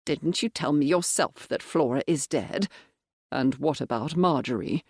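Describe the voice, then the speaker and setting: A narrator voicing a determined military gentleman who questions firmly in an audiobook. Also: mid-range voice, a little slow, breathy edge, dry recording, studio quality. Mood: grim. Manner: firm, pressing questions. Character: grim, determined male baronet and major.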